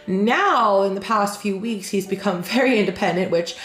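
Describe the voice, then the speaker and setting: A woman hosting a reaction channel who reads aloud and tells stories casually, frank and animated, acting out the people she quotes. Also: mid-range voice, normal speed. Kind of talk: reading aloud then casual storytelling. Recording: echoey room with faint music.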